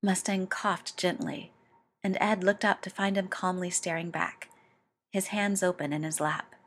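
Slow, expressive woman reading a story. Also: on the low side. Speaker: reader.

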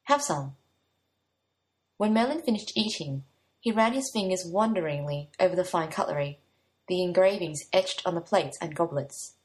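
A woman narrating a fantasy story aloud in a calm, steady storytelling manner. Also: on the low side, normal speed. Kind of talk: audiobook-style story reading.

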